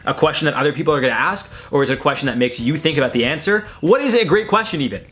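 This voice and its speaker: A man's voice: fairly high pitch, animated, racing, fairly bright tone, soft background music. A young man hosting a casual reaction video, rambling and swearing through his commentary. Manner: chatty, swearing, rambling with lots of likes. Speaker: host.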